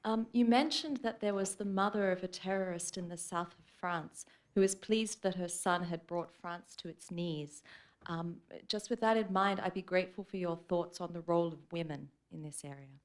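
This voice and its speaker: A woman in the audience poses her question courteously. Her voice is fairly low, and she speaks in a measured, polite way. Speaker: audience member asking a question.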